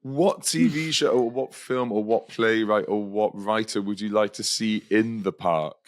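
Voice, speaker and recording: A man's voice: on the low side, dry recording. A man co-hosting a podcast, casually chatting and prompting the others with playful questions. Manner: prompting questions, quick laughs. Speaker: podcast co-host. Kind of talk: casual chat.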